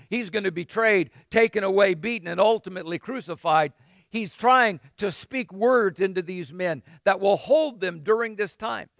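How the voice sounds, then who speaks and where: High-voiced man preaching a sermon. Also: a bit bright, no echo. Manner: conversational preaching, acts out quoted lines. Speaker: pastor.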